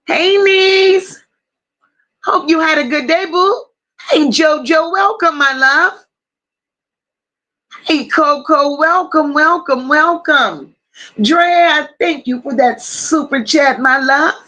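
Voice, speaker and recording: Woman livestream host, high bright voice, unhurried, affectionate greetings, reads comments out. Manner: warm drawn-out greetings with endearments; reads viewer comments aloud. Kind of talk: casual livestream chat, greeting viewers.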